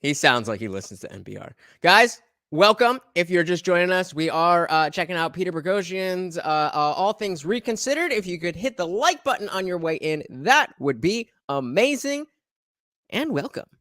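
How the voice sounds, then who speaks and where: A man commenting casually on a live stream, halting and filler-heavy, with sarcastic asides. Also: on the high side, expressive, a bit bright, no room sound, studio quality. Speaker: streamer reacting to a video.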